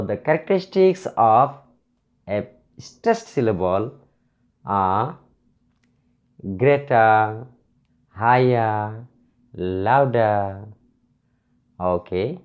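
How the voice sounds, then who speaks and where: A man teaching English pronunciation, dictating slowly and repeating words as he writes on a whiteboard. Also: medium pitch, darkish tone, dull audio. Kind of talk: classroom lesson at a whiteboard.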